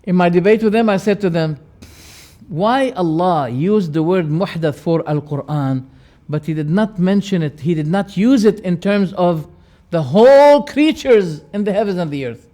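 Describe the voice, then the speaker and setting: A man with a high-pitched voice delivers a classroom lecture on creed. He is emphatic, swinging between loud rising phrases and quiet, dropped endings. He repeats key words to drive each point home. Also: animated, moderate pace. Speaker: religious teacher.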